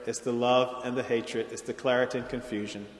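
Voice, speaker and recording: Male lecturer, mid-range voice, deliberate academic delivery, long hall reverb. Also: medium pitch, little pitch movement. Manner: measured, explanatory, occasional restarts.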